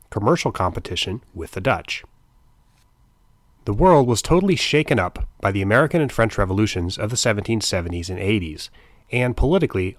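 A man's voice: lowish voice, no room sound, studio quality. A middle-aged man hosting a history podcast, narrating in a scripted but informal storytelling tone with wry asides.

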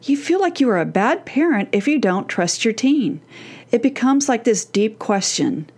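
A woman's voice: fairly high pitch, big pitch swings, a little mellow. A middle-aged woman, a parenting coach, giving a scripted podcast lesson in an earnest, emphatic way. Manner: earnest and emphatic, slowing down to act out quoted teens.

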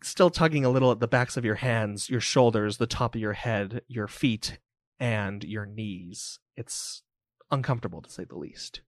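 A man's voice: fairly low pitch, normal speed, no room sound. A man narrating a tabletop game as game master, describing scenes vividly with casual fillers.

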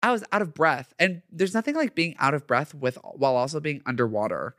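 A man's voice: fairly high pitch, fairly quick, dry recording, clean studio sound. A young man hosting a podcast, chatting casually and gushing with lots of slang. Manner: animated and gushing, heavy slang. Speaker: podcast host. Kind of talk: casual solo podcast chat.

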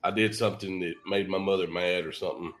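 A man's voice: low-pitched, fairly even intonation, fast talker, fairly bright tone. A man co-hosting a casual podcast, telling stories in a folksy, rambling way and restarting his sentences.

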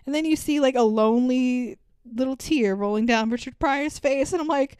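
A woman co-hosts a casual film podcast, recapping scenes with profanity and frequent laughter. Her voice is smooth and somewhat high. The sound is close and dry. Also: moderate pace, dry recording. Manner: profane, laughing, animated storytelling. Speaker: podcast co-host. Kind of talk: casual movie review chat.

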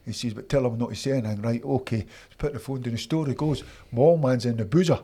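Casting: Scottish man, fifties, animated storyteller, middle pitch. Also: quick pace, slightly rough. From Scotland. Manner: animated anecdotes, acts out quoted voices. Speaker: interview guest, former footballer. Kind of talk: storytelling in casual interview.

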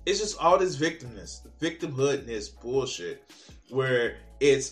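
A man's voice: mid-range voice, expressive, unhurried, faint music behind. A man commenting on a video clip, mocking and exasperated, swearing often. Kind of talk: profane reaction commentary.

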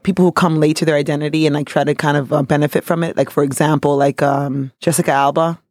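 Fast-talking joking woman in casual chat. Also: deep voice, no echo. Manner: joking, quick and animated with many fillers.

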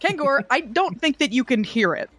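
A woman's voice: sits high, big pitch swings, moderate pace, fairly bright tone, no room sound. A woman talking as a player in a tabletop role-playing game, rambling, correcting herself and swearing casually. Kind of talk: in-character tabletop play.

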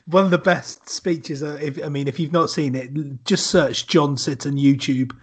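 A man's voice: on the high side, steady tone, normal speed, husky. A man hosting a podcast panel, scoring the others with dry, teasing remarks. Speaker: quiz host scoring the panel. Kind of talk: casual podcast banter.

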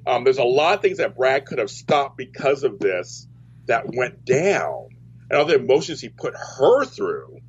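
A man's voice: medium pitch, very animated, a little slow, breathy edge. A man hosting a soap opera chat show, talking casually and rambling with many restarts. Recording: dull lo-fi audio.

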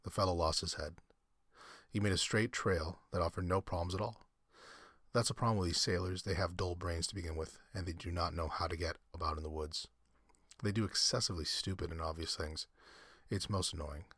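A suave, cruel old general of refined manners, as a male storyteller puts him on. His courtly politeness carries quiet menace in a low, husky voice. The recording is close and dry. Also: fairly even intonation, brisk, no room sound. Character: suave, cruel aristocratic old general who hunts men.

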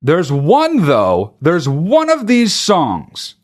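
A man on a comic tirade, swearing freely and sounding exasperated. His voice sits a bit high and swings widely up and down as he rants, now and then breaking into mock singing. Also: wildly swooping pitch, very slow. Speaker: comedian. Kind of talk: stand-up style comic rant.

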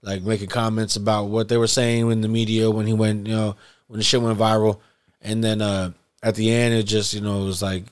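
A man's voice: lowish voice, level tone, a little fast, clear, resonant tone. A man hosting a casual hip hop podcast chat, talking in a loose, laid-back way and swearing freely.

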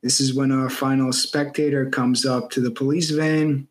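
A man's voice: medium pitch, level tone, moderate pace, low-quality recording. A man co-hosting a casual movie podcast, steadily retelling a film's plot. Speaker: podcast co-host.

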